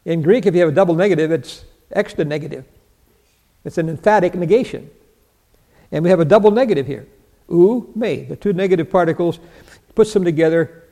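An older man preaching in a large hall with a long reverb. His voice is high-pitched, gravelly and mellow. He puts questions to his listeners, answers them himself and chuckles along the way. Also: brisk. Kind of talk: sermon with Bible teaching.

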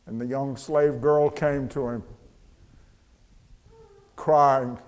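A man preaching a sermon, moving from hushed, slow storytelling to soaring, shouted proclamation. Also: mid-range voice, fairly even intonation. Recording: long hall reverb.

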